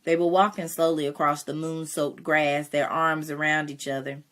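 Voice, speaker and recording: A woman's voice: low voice, flat delivery, normal speed, fairly bright tone. A woman reading a novel aloud, breaking off for casual asides to her listeners. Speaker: reader.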